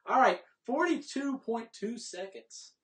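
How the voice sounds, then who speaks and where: A man co-hosting a casual sports watch-along podcast, excitable and often laughing. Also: extremely high pitch, a little slow. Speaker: podcast co-host.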